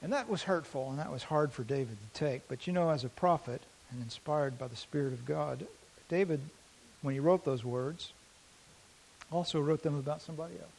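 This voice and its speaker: Male pastor, fairly high voice, sermon delivery with dynamic swings between loud and hushed. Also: vocal fry, husky, poor audio. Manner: dynamic, swings from loud emphasis to quiet intensity; reads scripture aloud slowly.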